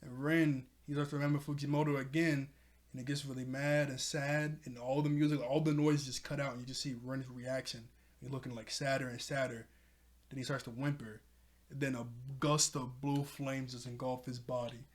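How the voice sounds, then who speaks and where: A young man casually recapping an anime episode as a reviewer, rambling with lots of "like" and "you know" and clearly an excited fan. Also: medium pitch, normal speed. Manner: enthusiastic fan.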